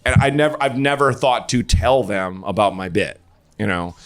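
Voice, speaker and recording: A man's voice: fairly low pitch, animated, normal speed. A man hosting a live podcast, telling rambling, self-interrupting stories on stage. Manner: rambling, self-interrupting anecdotes with loud acted quotes. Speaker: podcast host. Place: stage at a comedy festival. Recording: live room with loud crowd.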